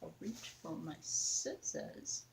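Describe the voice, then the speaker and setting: Slow, rambling woman crafting at home. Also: deep voice, animated, gravelly, background noise. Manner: rambling, chatty, talks to the doll and viewers. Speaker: craft vlogger. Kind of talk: casual crafting chat.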